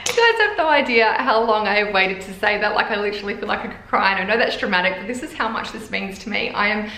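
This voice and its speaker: Excitable woman vlogger, mid pitch, slightly echoey room. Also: quick pace, slight background noise. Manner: gushing, excitable. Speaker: fitness clothing brand founder. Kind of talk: casual vlog talk to camera.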